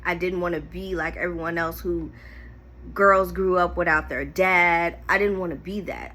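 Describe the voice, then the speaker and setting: A woman's voice: fairly low pitch, a little hiss or hum. A young woman candidly telling an emotional personal story to camera, holding back tears at times. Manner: emotional, candid, animated retelling. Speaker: storyteller vlogger.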